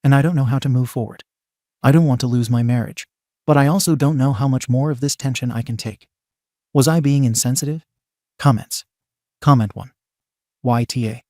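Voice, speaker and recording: A man narrating a story in an even, steady scripted read. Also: mid-range voice, dry recording, studio quality.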